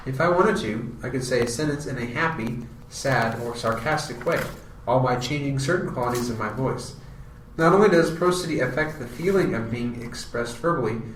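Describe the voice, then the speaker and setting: A man's voice: medium pitch, roomy sound, a little hiss or hum. Man presenting from a distance. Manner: explanatory, reads prepared text. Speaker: student presenter. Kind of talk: reading a scripted class presentation.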